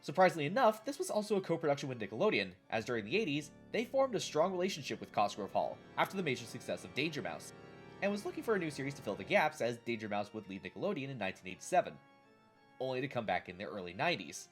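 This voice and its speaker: A man hosting a scripted retrospective on old children's TV. His narration is wry and playful, with a lively, varied pitch. Faint music runs underneath. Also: quick pace. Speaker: host of a retrospective show.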